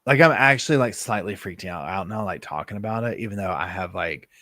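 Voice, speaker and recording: A man, hosting a casual live chat from home and telling animated stories full of fillers and asides. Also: lowish voice, brisk, no echo, studio quality. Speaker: live stream host.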